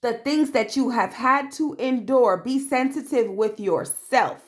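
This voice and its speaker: A woman's voice: a little high, a little slow. A woman doing a tarot reading to camera in a blunt, profane, streetwise manner, calling the listener babe and acting out quoted voices. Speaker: tarot reader.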